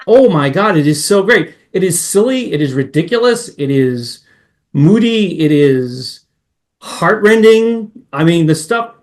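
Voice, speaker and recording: A podcast guest who grew up in Massachusetts chats casually, hopping from one memory to the next with excited asides. His voice sits high and he talks a little slowly.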